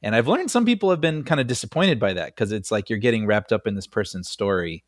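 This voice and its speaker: A man co-hosting a film podcast in casual chat, animated and laughing often as he talks, on a close studio mic. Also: fairly low pitch, fast talker, no room sound. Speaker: podcast co-host.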